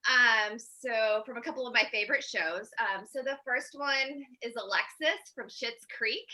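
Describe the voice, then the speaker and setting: A woman's voice: on the high side, unhurried, bright, forceful tone, a little hiss or hum. A woman doing a chatty, self-mocking stand-up comedy set, giggling between jokes. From Chicago, USA. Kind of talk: stand-up set on a video call.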